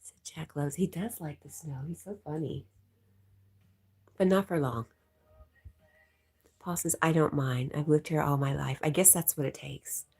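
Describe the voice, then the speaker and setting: A woman with a low, mellow and slightly husky voice hosts a relaxed livestream. She chats easily and reads viewer comments aloud, laughing often. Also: a little slow, pauses often. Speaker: livestream host reading chat. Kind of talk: casual live chat.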